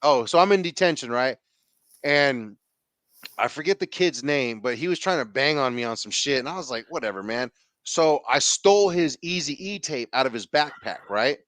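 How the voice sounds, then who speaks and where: As a podcast guest, a man casually tells a rowdy story, slangy and profane, animatedly acting out the quotes. His voice is medium-pitched at normal speed, with no echo.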